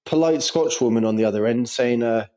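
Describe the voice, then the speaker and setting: Bantering on a podcast he co-hosts, this young man tells stories in a casual chat, cursing freely. He has a mellow, mid-range voice and speaks a little fast.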